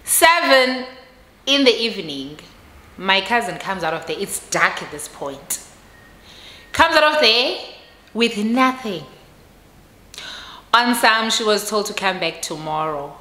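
A woman with a South African accent telling a personal story in a casual vlog, expressive and mixing English with Xhosa. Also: medium pitch, slow pace, pauses often, roomy sound. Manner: expressive, switches between English and Xhosa, laughs at herself.

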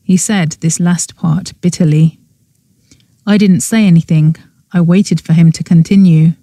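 An audiobook narrator reading a cozy mystery in first person, with an even storytelling manner. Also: medium pitch, measured pace, no room sound, clean studio sound.

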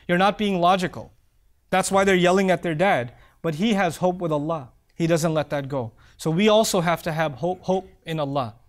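A middle-aged man giving an earnest, heartfelt sermon, reciting Arabic verses quickly and dropping to soft low tones. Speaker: preacher.

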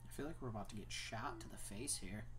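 A man's voice: fairly low pitch, fast. Terse laid-back man, a little noisy. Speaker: card game player and co-host. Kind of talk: casual gameplay banter.

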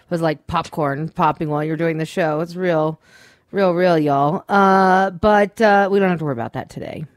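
A woman co-hosting a radio show, telling a weekend story in casual, swearing, animated chat. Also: lowish voice, normal speed, dry recording, studio quality. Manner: chatty storyteller, swears freely, acts out quotes.

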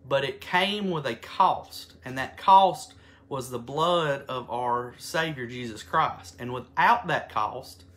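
A man teaches a Bible study at an unhurried pace, leaning into key words as he reads scripture aloud. His voice is bright and clear, and he stops and restarts now and then while working through his notes. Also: medium pitch. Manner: earnest, reads scripture aloud slowly with emphasis.

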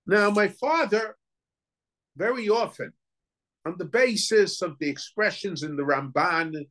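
Slow, halting rabbi giving a lecture. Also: male voice, fairly high pitch, a bit bright. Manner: halting, searching for words, frequent restarts; questioning, reasoning aloud. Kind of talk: Torah lecture.

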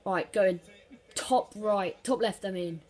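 A woman casually commentating her own football video game. She swears freely, mutters under her breath, and erupts into shouts at big plays. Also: mid-range voice, slow pace. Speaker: gaming commentator.

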